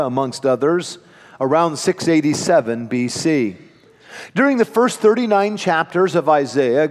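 A man preaching a sermon from scripture as pastor, with an emphatic delivery that slows and stresses key phrases. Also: fairly high pitch, in a large hall.

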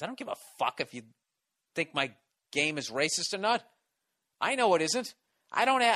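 A man's voice: high voice, sharp tone. A man with an East Coast American accent hosting a solo comedy podcast, ranting in a profane, sarcastic, rambling way. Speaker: podcast host.

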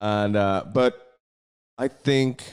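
A man co-hosting a podcast, speaking earnestly in casual chat, halting and restarting his thoughts. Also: fairly low pitch, smooth. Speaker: podcast co-host.

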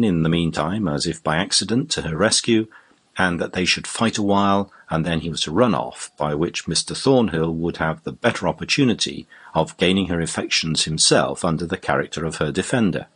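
A man voicing a sly, brash male rogue in an audiobook reading, speaking with a husky voice. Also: low voice, a little fast, a bit bright.

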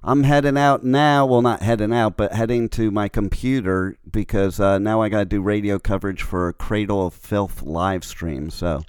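Male host from New York/New Jersey, smooth tone, casual banter. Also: on the low side, steady tone, normal speed, few pauses, dry recording. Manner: easygoing, joking, laughs along. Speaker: radio show host. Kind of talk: casual interview chat.

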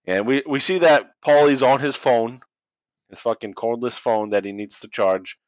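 رجل يتحدث بعفوية ويضحك كثيراً. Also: male voice, mid-range voice, normal speed, no echo, low-quality recording. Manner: profane, laughs often, does silly voices. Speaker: podcast co-host recapping wrestling. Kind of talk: casual chat, play-by-play recap.

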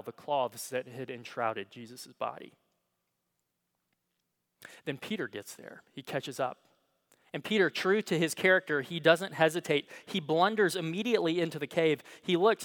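In a church, a male pastor with a slightly high voice preaches a sermon. He tells the story dramatically, swinging between hushed and emphatic delivery.

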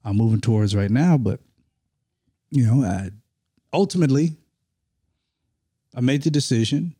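Mellow-voiced man co-hosting a podcast. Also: medium pitch, expressive, moderate pace, pauses often, breathy edge, dry recording, studio quality. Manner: emphatic, laughs often, repeats himself while making a point. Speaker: podcast co-host. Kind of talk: casual chat.

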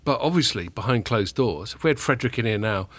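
A man's voice: mid-range voice, lively intonation, fast talker, fairly bright tone, dry recording. A man hosting a casual podcast chat, talking in a loose, joking way with the odd swear word. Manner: chatty, jokey, swears casually. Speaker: podcast host, tech journalist.

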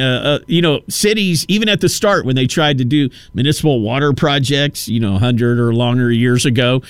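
A man rambles through a casual radio monologue, telling stories and slipping into little acted-out quotes. His voice is smooth and resonant, pitched a touch high. The studio sound is close and dry. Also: dry recording. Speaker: radio talk show host.

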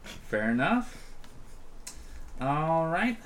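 A man narrating as game master of a tabletop game in a laid-back, loose way, with frequent pauses. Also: on the high side, big pitch swings, a bit bright, a little hiss or hum.

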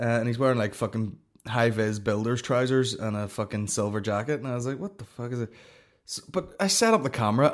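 A young man hosting a comedy podcast, telling a story in a profane, animated rant full of fillers. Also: medium pitch.

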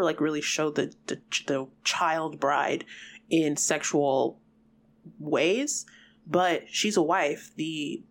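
A podcast co-host in casual chat, blunt and emphatic, swearing freely. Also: medium pitch.

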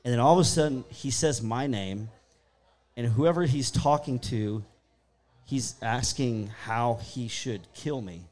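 Guy spinning ghost stories, acts out the quotes, average pitch. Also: unhurried. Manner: animated storyteller acting out his own quotes. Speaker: guest storyteller. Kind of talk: casual ghost-story chat.

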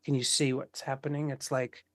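A man's voice: medium pitch, little pitch movement, moderate pace, dry recording, clean studio sound. A man in casual conversation, talking with passion, swearing freely and acting out the voices of people he quotes. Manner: impassioned, swears often, acts out quoted voices.

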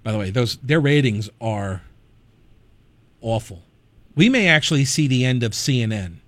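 A male talk radio host speaking into a close studio mic with a dry, deadened sound. He rambles in a conversational, opinionated way and keeps wandering off on wry side notes. His pitch sits in the middle range. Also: animated, moderate pace, dry recording. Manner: conversational, digressive, wry asides. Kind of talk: conservative talk radio commentary.

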